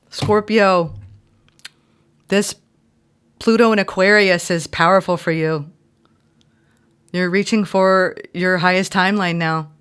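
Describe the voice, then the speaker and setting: A woman giving an intuitive tarot reading, heartfelt and effusive, sometimes reading card meanings aloud in a gentle, spiritual manner. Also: low-pitched, clean tone. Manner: emotional and effusive. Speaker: tarot reader.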